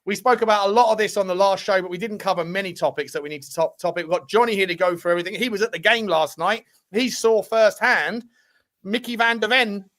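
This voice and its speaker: Chatty football podcast host. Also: male voice, high voice, fast talker, a bit bright. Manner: chatty, rambling, reads ad plugs. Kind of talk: casual football chat.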